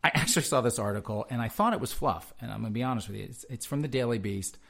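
A man's voice: mid-range voice, expressive, rapid-fire, gravelly, fairly bright tone. A man hosting a talk show, giving sarcastic, rambling commentary as he reads news articles aloud. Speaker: show host. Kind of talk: casual commentary reading articles.

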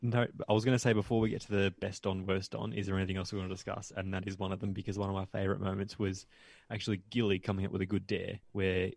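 A man's voice: sits low, level tone, fast, gravelly, darkish tone, no room sound. A man co-hosting a podcast who keeps the casual chat moving in a laid-back way. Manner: laid-back, steers the discussion. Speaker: podcast co-host.

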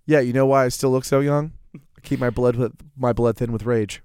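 A man's voice: medium pitch, steady tone, a little fast, a little mellow, clean tone, no echo, studio quality. A man co-hosting a podcast, telling boot camp stories in a crude, joking way. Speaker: podcast co-host and former Marine. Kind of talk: casual storytelling chat.

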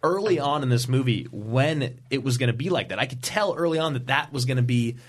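A man co-hosting a podcast, talking in casual chat and gushing with excitement. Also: mid-range voice, fairly quick. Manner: excitable, gushing fan talk. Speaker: podcast co-host.

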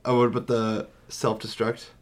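A young man co-hosting a casual movie review podcast, laid-back and quick to laugh and agree. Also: mid-range voice, monotone. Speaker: podcast co-host.

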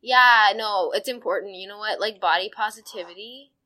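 Bright-voiced young woman podcast co-host. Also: medium pitch, moderate pace. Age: young adult. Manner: chatty, giggly, self-deprecating. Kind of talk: casual chat. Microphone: close podcast mic.

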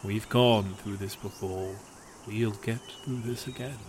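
A man playing an old, devoted farmer-priest who speaks gently and reassuringly. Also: lowish voice, fairly even intonation, measured pace, background noise, close to an everyday voice.

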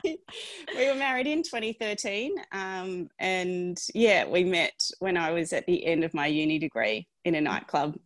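Thoughtful Australian woman, low and dry. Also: lively intonation, moderate pace, no room sound. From Tasmania, Australia. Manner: reflective, thoughtful storytelling. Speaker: guest, lawyer. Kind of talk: casual podcast interview. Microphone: remote online recording.

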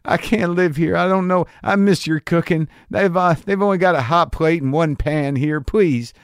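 A man's voice: fairly high pitch, moderate pace, smooth, no echo, studio quality, pitched above the performer's own voice, close to an everyday voice. A man putting on a sad, begging lonely guy. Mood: pleading. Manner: pleading, mournful, begging. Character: sad down-and-out man pleading with his estranged spouse. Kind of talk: comic monologue bit.

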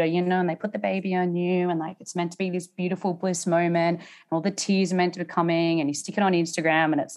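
An Australian woman, a podcast guest, candidly telling her story and acting out what others said. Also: lowish voice. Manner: animated, acts out quotes in raised voice.

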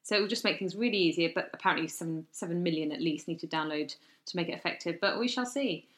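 A woman from South East London co-hosting a podcast in casual, chatty conversation, animated and quick to laugh. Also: lowish voice. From South East London, England. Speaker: podcast co-host. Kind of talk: casual chat. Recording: roomy echo.

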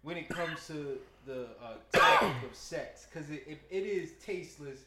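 A man's voice: a little high, moderate pace, echoey room, very noisy. A man co-hosting a podcast in loose casual chat, laughing often and restarting his sentences. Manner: laughing, loose, repeats himself with stammered restarts. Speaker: podcast co-host.

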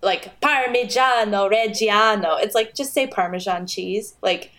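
A woman co-hosting a casual podcast chat about a game, talking in an animated way and laughing as she mocks it. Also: medium pitch, a little slow. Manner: animated, laughing, mocking critique. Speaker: podcast co-host.

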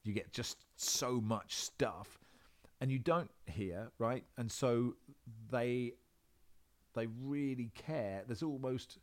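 Speaking slowly in a medium pitch, a football presenter who lives in Australia chats from home in a casual interview. He rambles animatedly, full of fillers and restarts.

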